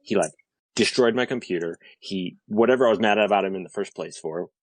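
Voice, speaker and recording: A man's voice: on the low side, a little fast, low-quality recording. A man in his thirties in casual podcast chat, telling a story animatedly with lots of fillers. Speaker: podcast guest.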